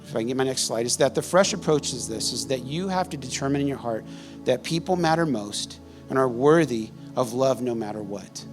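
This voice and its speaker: A man's voice: mid-range voice, expressive, a little fast, music in the background. A man preaching a sermon as pastor, telling stories conversationally and laughing often.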